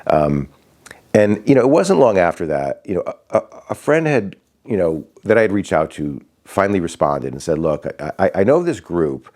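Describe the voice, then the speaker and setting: Deep-voiced man telling a family story. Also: sing-song, a little mellow. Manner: halting, many restarts and fillers, acts out quoted voices. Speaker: father sharing a personal story. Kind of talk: casual personal storytelling.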